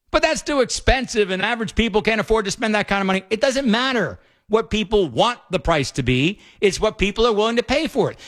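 An opinionated male talk radio host with a notably high voice. He argues emphatically and piles up quick asides. He speaks to listeners in a direct commentary style. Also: fairly bright tone.

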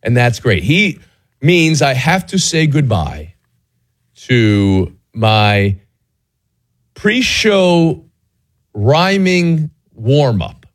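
A man hosts a sports talk show in a loose, playful way. He jokes with his crew and his voice sits in a middle register. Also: takes it slowly. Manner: playful, tongue-twister teasing, lively swings in pitch. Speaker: sports radio host.

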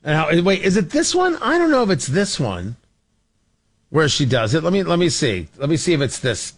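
Animated, sarcastic male talk host. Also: a little high, normal speed, slightly rough. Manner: sarcastic, animated, with frequent restarts. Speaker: radio talk show host. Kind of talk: opinionated political commentary.

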